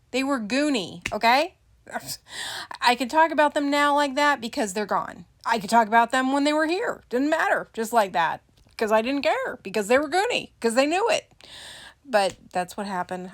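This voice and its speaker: A middle-aged woman chatting casually to camera about her doll collection. She rambles and makes joking, self-deprecating asides. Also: fairly high pitch. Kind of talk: casual unboxing chat to camera.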